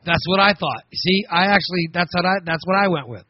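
A middle-aged American man hosting a casual comedy podcast, rambling and sarcastic, now and then breaking into loud mocking voices. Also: high voice, a little fast, lo-fi sound, a little hiss or hum. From United States. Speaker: podcast host.

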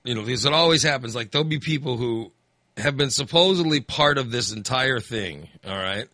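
A man's voice: medium pitch, lively intonation, brisk, bright, forceful tone, no echo, clean studio sound. A man hosting a call-in radio chat, rambling and acting out angry voters. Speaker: radio host.

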